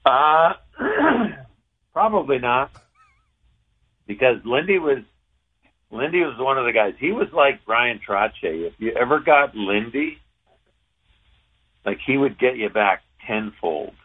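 A man, a former pro hockey player, telling a long anecdote in a relaxed, rambling way, with some salty language. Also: mid-range voice, slow, pauses often, husky. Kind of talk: casual anecdotal storytelling. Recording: tinny phone-line sound.

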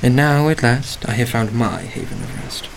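An actor playing a pious, secretive male lodger in a radio drama, speaking in a soft, formal, preachy way that sometimes turns sharp. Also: medium pitch, normal speed, creaky, heavy background noise, lightly acted. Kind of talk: 1940s radio acting.

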